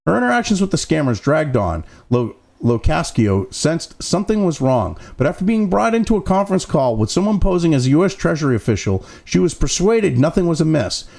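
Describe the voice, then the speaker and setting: Gravelly-voiced male commentary host, profane and sarcastic, pitch swinging wildly between read-outs and rants. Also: very animated, a little fast, few pauses, a little mellow. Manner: mocking asides between read-out passages. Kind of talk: ranting news commentary, reading article excerpts.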